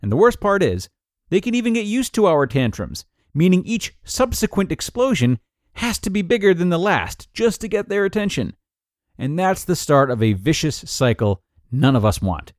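A man hosting a podcast, reading a parenting blog article aloud in an upbeat, expressive way with emphatic rises. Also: high voice, normal speed, no echo, clean studio sound. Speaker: podcast host and narrator.

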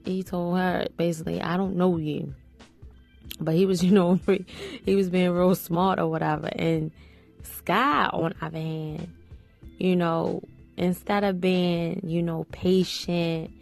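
A woman podcast host talks through a reality show episode in a loose, rambling way, leaning on "you know" again and again. Her voice sits low with a gravelly fry. Faint music plays under her. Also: darkish tone. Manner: chatty, many "you know" fillers. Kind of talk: casual commentary on a reality show.

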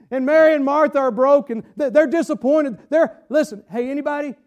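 A man's voice: very high-pitched, darkish tone. A man preaching a sermon in church, drawling, stretching words, asking the congregation questions. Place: church sanctuary.

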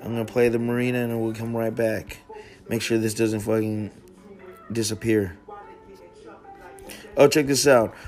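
A man's voice: lowish voice, flat delivery, measured pace, long pauses, darkish tone, soft background music. A man hosting a casual podcast chat, laid-back and slangy, swearing freely. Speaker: podcast host.

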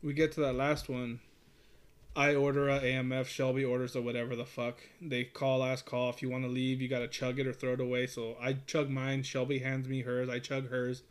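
A man tells a long, rambling story in relaxed, casual conversation, sprinkling it with curses and laughter. His middling-pitched voice is clean in tone and fairly quick.

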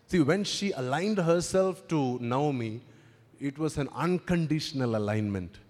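A man's voice: a little high, animated, unhurried, darkish tone. A man preaching a sermon in a conversational, emphatic way, often repeating words and slipping in teasing asides. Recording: long reverb of a large hall.

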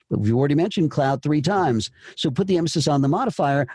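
In this coaching session, a voice-over coach guides an actor through a script, supportive and prone to repeating himself and restarting. His slightly high voice is animated, quick, and nearly pause-free, darkish with a breathy edge, in clean studio sound without echo.

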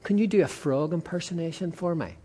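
A wheedling little toddler boy, as a preacher puts him on. He pleads with his great-uncle in a sermon joke, in a voice a little higher than an ordinary man's. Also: brisk, dark tone, a little hiss or hum, natural voice. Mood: pleading.

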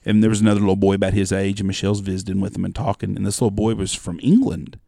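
A man's voice: low voice, fairly even intonation, racing, creaky, mellow, no echo, clean studio sound. A man in his forties, co-hosting a casual chat and telling rambling, profane stories. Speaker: podcast co-host.

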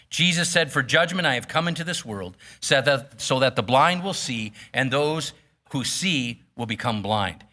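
A man's voice: medium pitch, pushed and bright. A man preaching a sermon, reading scripture aloud and then explaining it in a plain, casual way with frequent fillers. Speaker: pastor.

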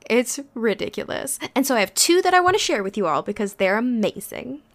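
A woman's voice: fairly high pitch, very animated. Reflective woman therapist musing aloud. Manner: thoughtful, searching, with frequent pauses and fillers. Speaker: therapist and podcast co-host. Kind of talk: casual reflective podcast talk.

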